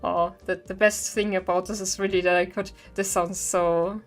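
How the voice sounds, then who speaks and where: A woman's voice: on the low side, level tone, moderate pace, soft background music. A woman streamer chatting casually with her viewers, rambling and laughing often between thoughts. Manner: giggly, rambling, chatty with frequent laughs and fillers.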